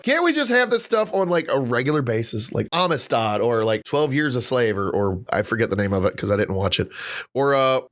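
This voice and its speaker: A man's voice: mid-range voice, a bit bright. A man hosting a casual podcast, ranting heatedly and swearing freely. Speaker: podcast host.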